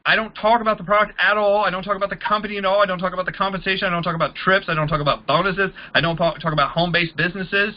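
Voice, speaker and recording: A man's voice: high voice, steady tone, rapid-fire, few pauses, muffled recording. A man teaching a network marketing audience in a casual way, acting out both sides of the conversations he describes. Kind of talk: training talk to a group.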